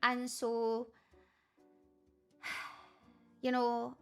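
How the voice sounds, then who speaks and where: A woman streams live in a put-on Irish accent that she admits is bad. She rambles, jokes and swears as she chats, in a fairly high voice. Soft music plays faintly underneath her. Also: steady tone, drawn-out words, gravelly, long pauses. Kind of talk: casual live stream chat.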